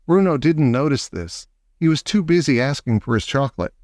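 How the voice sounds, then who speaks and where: A man reading a children's novel aloud with expressive, animated storytelling. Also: medium pitch, fairly quick, dry recording, studio quality. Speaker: audiobook narrator.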